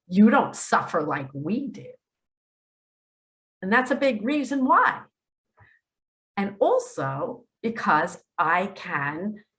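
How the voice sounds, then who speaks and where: A middle-aged woman hosting a spiritual talk, speaking earnestly and emphatically, often pleading, and dropping to a hush for quoted words. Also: on the low side. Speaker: spiritual video host. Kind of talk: earnest direct-to-camera monologue.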